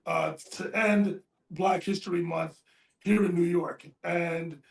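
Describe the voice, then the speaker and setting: A man's voice: on the high side, fairly even intonation, takes it slowly, creaky. A man co-hosting a casual sports talk show, speaking earnestly and from the heart. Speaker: podcast co-host. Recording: roomy echo.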